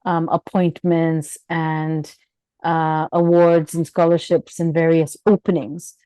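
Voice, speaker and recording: Middle-aged woman physician guest, low warm tone, animated anecdotes with acted-out quotes. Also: slow, clear, resonant tone, dry recording, poor audio. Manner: animated, acts out quoted voices with laughter. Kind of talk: casual storytelling interview.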